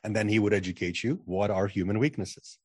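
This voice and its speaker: A man with a low-leaning, darkish, slightly rough voice speaks fairly quickly with fairly even intonation. As a channeling coach guesting on a podcast, he's emphatic and self-assured in the casual interview, repeating words when starting sentences; the audio is studio quality without echo.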